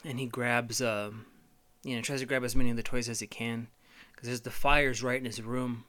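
Crisp, bright-voiced rambling comic host. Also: male voice, medium pitch, steady tone. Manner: profane, rambling, halting with fillers. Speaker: podcast host. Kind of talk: rambling comedic monologue.

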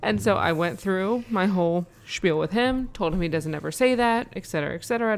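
Thirties woman, podcast co-host, a bit low-pitched, animated storyteller who acts out her kids' lines. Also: quick pace, creaky, few pauses, clear, resonant tone. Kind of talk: casual chat.

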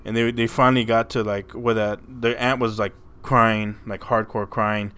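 A man's voice: on the low side, level tone, moderate pace, hardly any pauses, fairly bright tone, clear, resonant tone. A man hosting a podcast, telling a story in a rambling, casual way, stumbling over and repeating his words and swearing freely. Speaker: podcast host.

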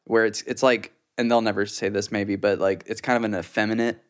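A man's voice: fairly low pitch, flat delivery, fairly quick. A young man from Southeast Texas co-hosting a casual chat, easygoing and asking questions. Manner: easygoing, asks questions, mimics family. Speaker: podcast co-host.

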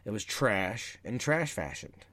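A man's voice: on the low side, sing-song, measured pace, a bit bright, dry recording. A man co-hosting a podcast in casual chat, rambling with lots of fillers and restarts. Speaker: podcast co-host.

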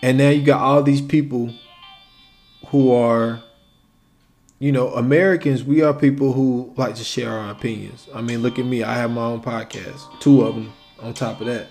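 A casual male podcast host gives solo commentary over faint background music. His medium-pitched, slightly mellow voice is fairly even and moderately paced. He's conversational and acts out quoted exchanges.

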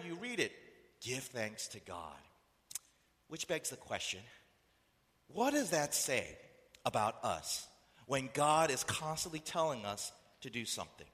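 A man's voice: mid-range voice, very animated, unhurried, fairly bright tone. A man preaching a sermon who keeps asking the listeners rhetorical questions. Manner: rhetorical questions, acts out voices. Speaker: pastor. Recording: echoey hall reverb.

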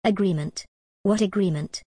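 A woman's voice: medium pitch, moderate pace, dark tone, slightly rough, no room sound, studio quality, close to an everyday voice. A woman voicing a flustered young woman student in an audiobook, anxious and questioning.

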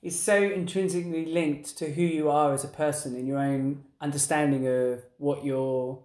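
A man's voice: a little high, flat delivery, moderate pace, darkish tone. Male co-host, 30s, rambling casual podcast chat, echoey room. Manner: rambling, restarts sentences.

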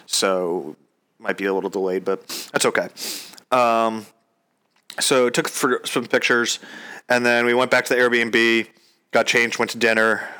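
A young man tells a long personal story in a loose, casual way, swearing as he goes and voicing both sides of a conversation himself. His voice is bright and forward, with a crisp, clean tone. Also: on the low side. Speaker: storyteller recounting his proposal.

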